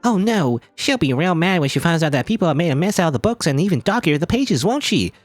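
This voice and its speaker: Man doing a fairy girl voice, squeaky, high-pitched, theatrical, fretful game companion. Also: sing-song, quick pace, no echo, soft background music. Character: small chirpy female fairy companion.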